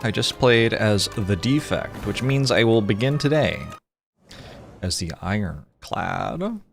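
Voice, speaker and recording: A man on a livestream, chatting casually with viewers and greeting them one by one, with sudden loud mock-outraged outbursts. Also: on the low side, expressive, slow pace, gravelly, soft background music. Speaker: streamer.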